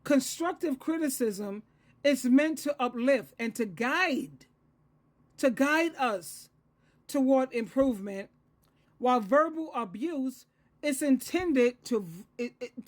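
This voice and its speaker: A woman in her sixties with a high voice gives a solo advice monologue as a Christian counselor. She lectures earnestly and circles back to repeat key phrases for emphasis. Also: lively intonation, a little slow. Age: 60s.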